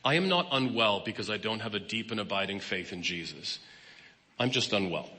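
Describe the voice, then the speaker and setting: Bright-voiced man in his fifties preaching. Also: on the low side, animated, brisk. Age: 50s. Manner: candid, personal, plain-spoken. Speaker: guest speaker and therapist. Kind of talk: conversational sermon. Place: church hall. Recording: long reverb of a large hall.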